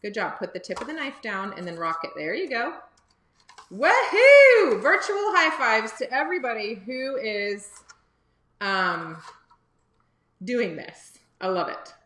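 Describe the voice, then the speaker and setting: A woman's voice: medium pitch, expressive, a little slow, pushed and bright, roomy sound. A woman hosting a live cooking lesson for kids from a home kitchen, chatty and encouraging as she talks to viewers. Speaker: cooking teacher and livestream host. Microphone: phone or camera on livestream.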